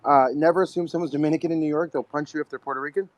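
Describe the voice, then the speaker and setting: A man's voice: fairly high pitch, steady tone, very fast, a crowd in the background, low-quality recording. A man hosting a casual podcast chat, rambling with lots of fillers. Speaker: podcast host.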